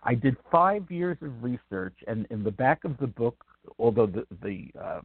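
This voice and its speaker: Elderly male author, reflective and halting; phone-quality audio, dry. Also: medium pitch, sing-song, husky, no room sound. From Brooklyn, New York. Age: 80s. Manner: rambling, reflective, many ums and restarts. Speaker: author guest. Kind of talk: radio interview answers. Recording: tinny dry phone line.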